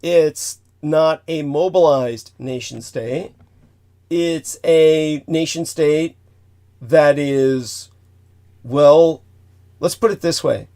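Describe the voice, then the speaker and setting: A man's voice: on the high side, very slow, dark tone. A man hosting a talk show, delivering a rambling, emphatic lecture full of asides. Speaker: host.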